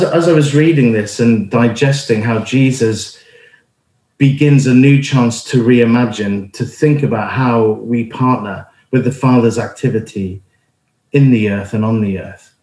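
An earnest middle-aged man preaches in a relaxed, conversational way, often stopping to restart a phrase or add an um. His voice sits at an ordinary pitch for a man. The recording carries a noticeable roomy echo. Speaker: church planter and speaker. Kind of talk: informal sermon with personal story.

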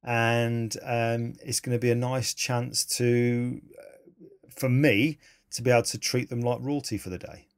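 A man, a photographer telling animated, enthusiastic stories in a casual interview. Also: medium pitch, unhurried, smooth. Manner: animated, enthusiastic, laughs mid-story.

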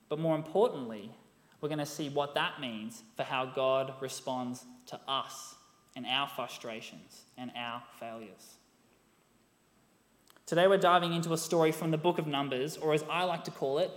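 A young man preaching a sermon, telling a story with lively rhetorical questions. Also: on the high side, moderate pace. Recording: echoey hall, long reverb.

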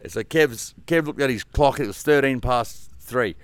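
A man's voice: medium pitch, normal speed, clear, resonant tone, dry recording. A man with an Australian accent, a guest telling a story in rambling casual conversation, swearing often and leaning on fillers.

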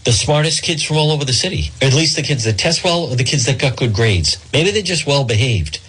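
Man, middle-aged, from Rhode Island, talk radio host, husky, lively up-and-down delivery, digressive storytelling. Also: mid-range voice, a little fast, rough recording.

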